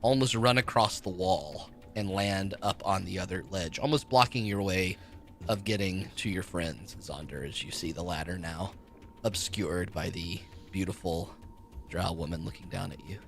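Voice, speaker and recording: A man narrating as game master of a tabletop game, relaxed and descriptive with plenty of fillers. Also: deep voice, normal speed, soft background music.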